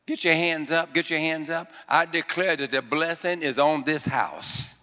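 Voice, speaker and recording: Pastor, male, call-and-response preacher with a bright, ringing, fairly high voice, recorded in a church hall with long reverb. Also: moderate pace, hardly any pauses. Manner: call-and-response preaching, repeats phrases and quizzes the congregation; fervent declarations in a raised voice. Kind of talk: sermon. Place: church sanctuary before a congregation.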